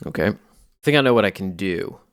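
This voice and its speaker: A man with a fairly low voice walks through his sound samples in a relaxed, explanatory way. The recording is dry and close, with no room sound. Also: fast, clean tone, no echo. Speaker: music producer. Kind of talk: casual tutorial narration.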